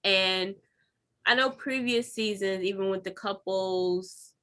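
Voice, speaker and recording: A woman co-hosting a casual recap chat, retelling scenes in a chatty, expressive way. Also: medium pitch, slow. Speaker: podcast co-host.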